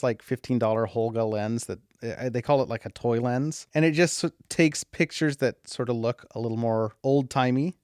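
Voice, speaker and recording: A man of middling pitch, chatting casually on a podcast with a co-host. He rambles, laughs now and then, and wanders off into side stories. His voice is close on the mic and dry. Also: dry recording. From California. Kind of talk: casual chat.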